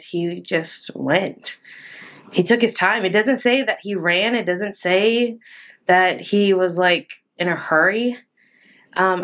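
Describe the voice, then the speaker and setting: Earnest woman giving a casual devotional talk. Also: medium pitch. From Texas. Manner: earnest, conversational, filler-heavy. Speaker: podcast host.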